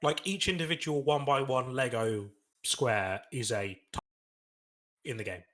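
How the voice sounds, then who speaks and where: A man co-hosting a podcast in casual chat, excitable and quick to marvel at the news. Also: medium pitch. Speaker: podcast co-host.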